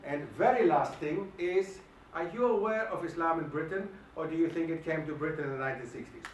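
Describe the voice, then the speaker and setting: A man giving an emphatic, animated lecture and firing questions at the audience, recorded in a hall. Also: a little high, brisk, slight background noise. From Germany. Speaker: guest lecturer. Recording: echoey hall, mic at a distance.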